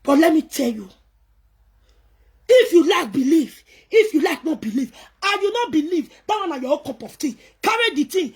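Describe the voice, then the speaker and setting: Her voice is high and very animated, at a normal speed, as this Nigerian Pidgin-accented woman scolds the camera. The defiant rant is emphatic and keeps circling back on itself.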